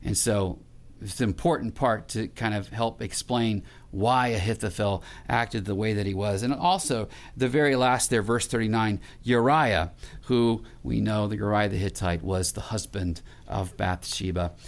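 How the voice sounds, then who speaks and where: A man's voice: lowish voice, moderate pace. A middle-aged male pastor preaching a sermon in a conversational way, with restarts and questions put to the congregation.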